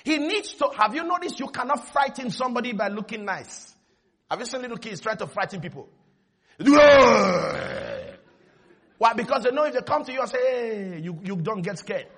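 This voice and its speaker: A man preaching a sermon in an animated way, acting out little scenes and leading the congregation in call and response. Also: very high voice, quick pace, husky.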